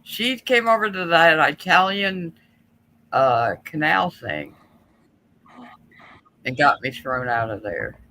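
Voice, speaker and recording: A man's voice: on the high side, slow, pauses often, low-quality recording. A man chatting on a stream, recalling old times with amused exclamations. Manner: animated, amused, exclaims often. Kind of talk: casual chat, reminiscing.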